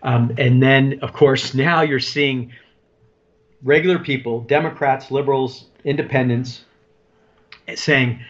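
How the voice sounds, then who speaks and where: A man's voice: medium pitch, fairly even intonation, slow. A man with a mid-range voice co-hosts a political talk show. He speaks earnestly and often restarts his sentences. The recording is dull and lo-fi.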